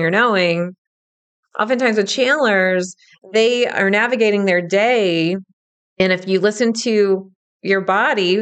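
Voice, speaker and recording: A middle-aged woman teaching about intuition in a casual, animated monologue, laughing easily and acting out quoted thoughts. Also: lowish voice, smooth.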